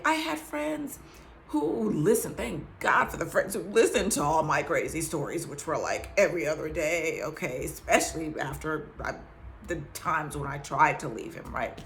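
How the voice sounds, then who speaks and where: A woman survivor shares her testimony in an earnest, faith-based talk, speaking emphatically, slipping into whispers and laughing between phrases. Her mid-range voice is gravelly, with a little hiss or hum on the recording.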